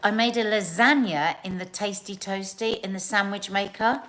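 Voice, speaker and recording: A woman's voice: medium pitch, normal speed, fairly bright tone, poor audio. Chatty woman greeting viewers live. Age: middle-aged. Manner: chatty and effusive, greets viewers by name, calls people darling. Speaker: host of a live online chat show. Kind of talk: casual live-stream chat reading out viewer comments.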